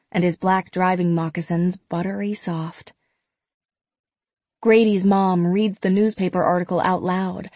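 A woman giving scripted audiobook narration in an even, measured storytelling manner, close to a studio mic. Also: on the low side, no echo.

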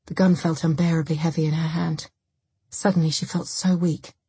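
Breathy low-voiced woman narrating a thriller. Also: flat delivery, normal speed, warm tone, no room sound. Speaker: audiobook narrator. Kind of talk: scripted narration.

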